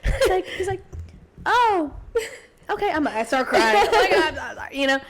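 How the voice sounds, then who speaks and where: Giggly young woman, high voice. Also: fairly quick. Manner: giggly, animated storytelling, acts out quotes. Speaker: podcast co-host. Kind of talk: casual chat.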